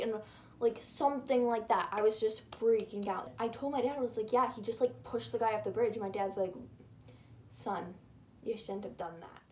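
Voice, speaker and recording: A young woman telling a childhood story on her channel, animated and rambling with lots of fillers. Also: on the high side. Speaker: YouTuber. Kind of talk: casual storytime.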